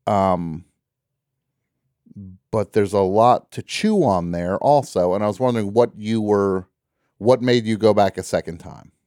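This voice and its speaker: Low, dark-voiced male radio host. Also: a little slow, pauses often, no room sound, studio quality. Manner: rambling and chatty, with many fillers and restarts. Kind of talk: casual call-in radio chat.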